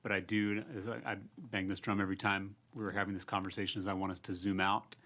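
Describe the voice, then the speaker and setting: A man speaks at a legislative hearing, building up points with earnest, rhetorical questions. His voice sits low. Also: little pitch movement, fast talker, sharp tone. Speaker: state legislator. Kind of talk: committee hearing remarks.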